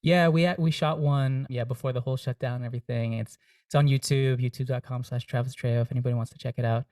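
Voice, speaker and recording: A man's voice: medium pitch, fairly even intonation, fast, a little mellow, no room sound, clean studio sound, recorded from a distance. A young man, a singer-songwriter guest, talking earnestly and reflectively in a casual interview, with many fillers and restarts.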